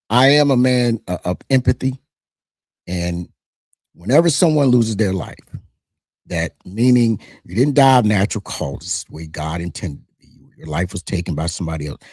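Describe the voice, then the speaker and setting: A man's voice: on the low side, husky, no room sound, clean studio sound. A middle-aged man from the United States, hosting his own channel with casual, emphatic commentary that often restarts mid-sentence. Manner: animated, emphatic, frequent restarts. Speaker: channel host.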